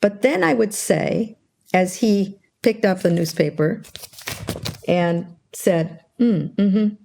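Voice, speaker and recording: Speaking slowly in a medium-pitched, creaky voice, an older woman who is a guest expert on interpersonal skills explains a communication model during an interview. She tells stories animatedly, acting out their dialogue, and there is a little hiss or hum.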